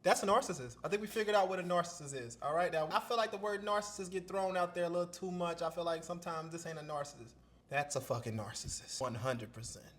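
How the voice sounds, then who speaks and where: Blunt man reacting with slightly high voice. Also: quick pace, few pauses. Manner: blunt, loud, swearing. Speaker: reaction host. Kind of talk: casual reaction commentary.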